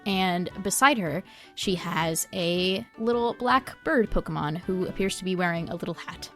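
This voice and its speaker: A woman's voice: lowish voice, moderate pace, fairly bright tone, soft background music. A woman narrating as game master of a tabletop game, in a casual, descriptive way with frequent fillers. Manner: descriptive, casual, many 'uh's.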